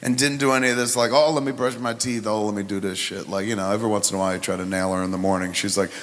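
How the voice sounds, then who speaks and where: A man's voice: lowish voice, rapid-fire. A middle-aged man telling crude, profane stories as a podcast host in casual chat. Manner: profane, animated anecdotes. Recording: live hall with reverb.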